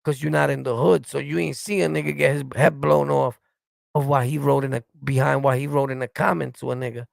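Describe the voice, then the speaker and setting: A man's voice: mid-range voice, steady tone, brisk, no echo. A middle-aged man from New York with a New York accent, ranting bluntly and profanely at his livestream chat. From New York City. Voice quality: gravelly. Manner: blunt, confrontational, profane, repeats "you get it?". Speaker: streamer reacting and answering live chat. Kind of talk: heated livestream rant.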